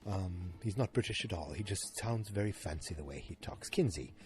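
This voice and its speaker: A man with a low, animated voice at normal speed hosts a podcast from his New England home, moving about as his dog wanders around. He recaps an episode in a loose, rambling, chatty way packed with fillers.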